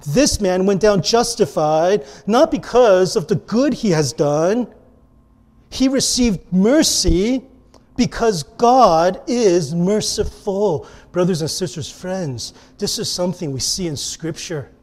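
A man preaching a sermon as a pastor, earnest, moving between emphatic lines and hushed ones. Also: sits high, expressive, slow pace.

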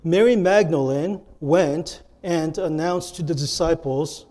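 A man's voice: fairly high pitch, normal speed, few pauses, warm tone. A male pastor preaching a sermon and acting out the lines he quotes with earnest emphasis.

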